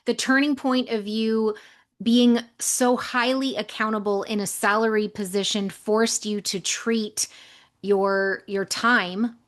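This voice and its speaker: A woman's voice: on the high side, fairly even intonation, slow. Woman host asking interview questions. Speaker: podcast host. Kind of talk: casual interview.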